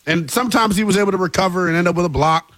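A man co-hosting a sports talk show, animated and opinionated with a playful, teasing manner. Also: sits high, racing.

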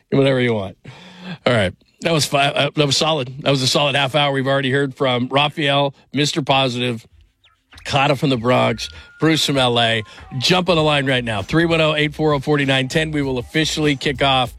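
A man's voice: medium pitch, creaky, a bit bright. A man hosting a sports radio show in casual, rambling, jokey chat. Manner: rambling, jokey, with many restarts.

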